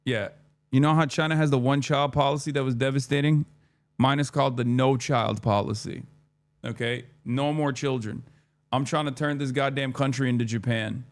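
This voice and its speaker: Male streamer, thirties, mid-pitched, rambling profane storytime chat with acted-out quotes. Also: moderate pace. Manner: rambling, profane, animated retelling with quoted dialogue.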